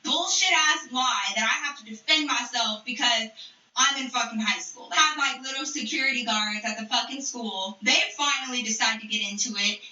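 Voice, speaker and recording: A young woman telling a storytime on a live stream, animated, profane and emphatic. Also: a little high, normal speed. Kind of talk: storytime rant. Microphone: streaming mic. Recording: echoey, distant, muffled room sound.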